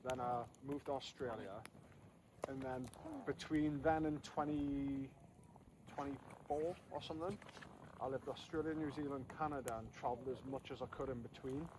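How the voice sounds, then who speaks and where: A man's voice: medium pitch, steady tone, normal speed, noisy background. A man in his thirties with a Geordie accent, hosting a casual camping vlog outdoors by a campfire at night, chatty and swearing freely. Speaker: vlogger host.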